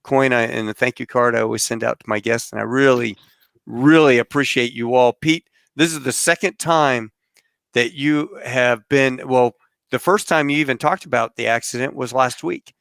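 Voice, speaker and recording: A male podcast host signing off his guests and telling a rambling, animated travel story. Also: mid-range voice, normal speed, creaky, clean tone, no room sound, clean studio sound. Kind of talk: casual interview sign-off and storytelling.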